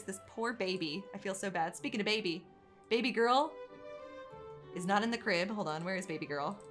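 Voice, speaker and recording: Chatty woman narrating her game. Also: mid-range voice. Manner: chatty, reacts loudly, swings from calm narration to panicked dismay. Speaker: gaming channel host. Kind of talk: casual let's-play commentary.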